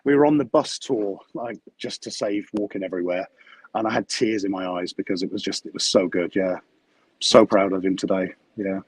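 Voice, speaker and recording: A man with a slightly husky voice talks casually as a guest, circling back over his words with plenty of "yeah"s. The sound is dry and close. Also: sits low, moderate pace, dry recording, poor audio. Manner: warm, repetitive, many "yeah"s. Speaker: guest on video call. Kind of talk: casual chat.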